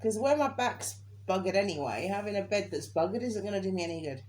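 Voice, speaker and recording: A woman's voice: mid-range voice, expressive, fast, a little mellow, slight background noise, poor audio. A young woman chatting casually and giggling as she tells a family story. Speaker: daughter. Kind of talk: casual chat.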